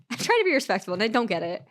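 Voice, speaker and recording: A young adult woman streamer telling a story in casual chat, rambling with lots of "like" and restarts. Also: fairly high pitch.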